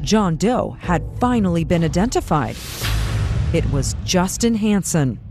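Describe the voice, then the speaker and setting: Lively low-voiced woman narrating crime news. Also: music in the background. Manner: measured, dramatic storytelling cadence. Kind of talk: scripted true-crime narration.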